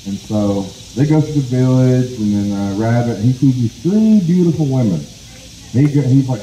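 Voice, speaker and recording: A storyteller from the Cherokee Nation spins an old tale aloud in a relaxed, chatty way. His voice is very dark and mellow. The sound is echoey, with faint noise behind. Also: medium pitch, moderate pace. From United States, Cherokee Nation. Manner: casual, conversational, lots of "and so". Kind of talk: live oral storytelling. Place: outdoor heritage festival.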